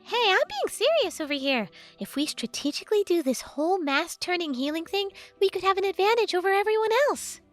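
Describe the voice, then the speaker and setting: A woman voicing a sharp-tongued, sarcastic female fairy in an audiobook. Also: very high-pitched, big pitch swings, fairly quick, few pauses, faint music behind. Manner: snarky, blunt. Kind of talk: audiobook character voice.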